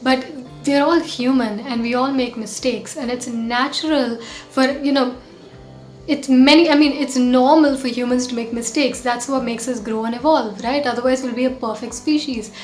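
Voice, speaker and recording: A woman speaks in an earnest, conversational way, often restarting her sentences as she tells a story and reflects on it. Her fairly high voice echoes around a roomy space while soft music plays in the background. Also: fairly even intonation, normal speed. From India. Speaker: host and mindfulness coach. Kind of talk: storytelling vlog talk. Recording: roomy echo, faint music.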